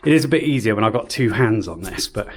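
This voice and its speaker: A man's voice: lowish voice, expressive, fast, noisy background. Chatty man in an echoey room. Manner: chatty, rambling, self-deprecating. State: out of breath. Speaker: vlogger renovating his house. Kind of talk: casual home vlog. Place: house under renovation, indoors.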